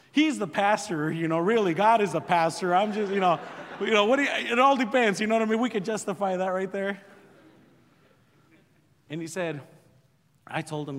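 Animated pastor with high voice, reverberant. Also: male voice, a little fast. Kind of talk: sermon testimony storytelling.

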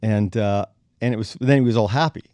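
A middle-aged man, a bassist and podcast guest, telling animated stories, acting out quotes and chuckling as he goes. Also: fairly quick, dry recording. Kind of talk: anecdotal storytelling in conversation.

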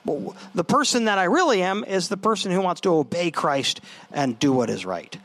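A man with a slightly high voice preaches a sermon in an easy, conversational way. He often restarts his phrases as he goes. The sound is dry and close. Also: expressive, normal speed, fairly bright tone, dry recording. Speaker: pastor.

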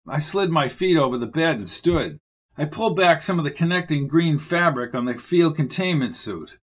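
A man's voice: a little high, animated, normal speed. A man narrating a first-person detective audiobook in a dry, wry manner.

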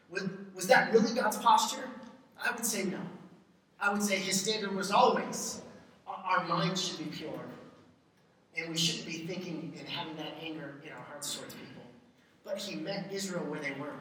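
A man's voice: high-pitched, sharp tone. A man preaching a sermon as pastor, in a conversational way, sometimes putting on playful baby talk. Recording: echoey hall, far from mic.

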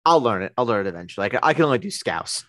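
A man's voice: medium pitch, big pitch swings, racing, fairly bright tone, no room sound. Man, mid-voiced podcast co-host, rambling casual sports chat, dry close sound. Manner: rambling, with many restarts and fillers.

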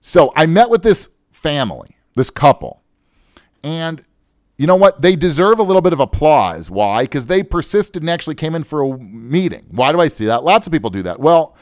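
Wound-up, animated male radio host. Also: a little high, normal speed, dry recording, studio quality. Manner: animated, digressive, joking, self-described wound up. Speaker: radio show host, financial adviser. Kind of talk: casual solo radio talk. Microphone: studio microphone.

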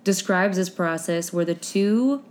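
A woman's voice: fairly low pitch, unhurried, a little mellow. A young woman hosting a casual chat podcast, reading history notes aloud with wry asides and stumbling over unfamiliar names. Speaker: podcast host.

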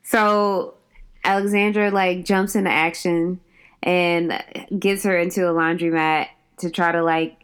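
A woman's voice: fairly low pitch, flat delivery, unhurried, smooth. A woman in casual chat about a film, blunt and agreeable. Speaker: co-host recapping a film.

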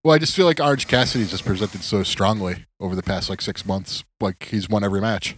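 A man's voice: lowish voice, quick pace, a bit bright. A man co-hosting a podcast from a remote setup, chatting casually and rambling with lots of filler words. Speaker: podcast co-host. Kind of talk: casual chat. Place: recording remotely.

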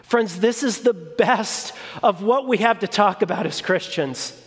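High-voiced man preaching slowly in a hall. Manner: deliberate, emphatic, with repeated phrases. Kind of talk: sermon. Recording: long reverb of a large hall.

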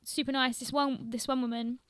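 Appearing as a guest in casual conversation, a young London woman with a London accent laughs a lot and peppers her talk with "like" and "um." She speaks briskly in a high, smooth, slightly bright voice with little pitch movement, on a dry recording.

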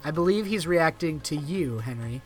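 A man's voice: on the high side, animated, moderate pace, faint music behind. A young man co-hosting a podcast in casual chat, teasing and laughing often. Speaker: podcast co-host.

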